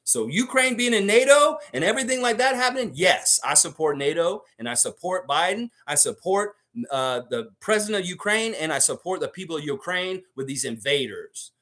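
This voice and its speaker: A man's voice: high voice, sing-song, normal speed, pushed and bright. A man from the Baltics hosting a sports livestream, amped up and profane as he rants and reads out chat comments. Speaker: livestream host.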